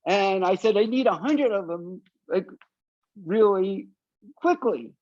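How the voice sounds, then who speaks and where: In a casual storytelling interview, an older South Florida man who sings punk speaks slowly in a high voice, bringing his stories to life by performing the quoted voices. The recording is dry and muffled.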